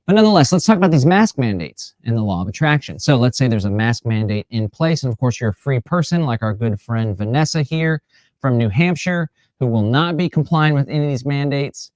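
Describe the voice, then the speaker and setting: Mellow-voiced man hosting a motivational talk. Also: mid-range voice, a little fast, no echo. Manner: lively, slips into mocking voices of imagined people. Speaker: livestream host.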